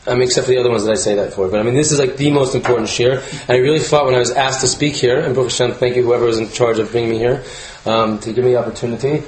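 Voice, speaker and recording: A man's voice: mid-range voice, fairly even intonation, racing, few pauses, a little hiss or hum. An American man, a visiting rabbi, giving a humorous, rambling Torah class to a live audience. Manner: joking, self-deprecating, rambling with fillers. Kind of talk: humorous casual Torah lecture. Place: lecture room with live audience. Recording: echoey room.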